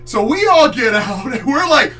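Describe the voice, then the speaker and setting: A man from the Chesapeake Bay area tells a story in an animated, loud, foul-mouthed way. His voice sits high and sounds bright, picked up from a distant mic, with faint music underneath. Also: moderate pace. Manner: animated, loud, swears freely, acts out voices. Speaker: streamer host. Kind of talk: casual storytelling.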